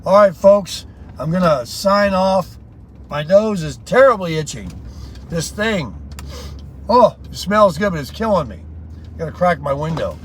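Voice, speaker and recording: A man's voice: high voice, lively intonation, unhurried, a bit bright, a little hiss or hum. A man talking in a casual, rambling, folksy vlog style. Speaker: vlogger.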